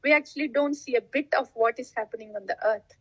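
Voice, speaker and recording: A woman's voice: on the high side, a bit bright, slightly rough, no echo, rough recording. A woman giving a devotional talk as a spiritual teacher, laughing often and asking rhetorical questions. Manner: laughs often, acts out listeners' replies; unhurried, asks rhetorical questions.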